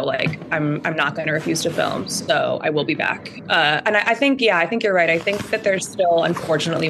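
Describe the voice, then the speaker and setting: A woman from Indiana, guest on a podcast, chatting casually in a relaxed, agreeable way. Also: deep voice, slight background noise. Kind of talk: casual chat.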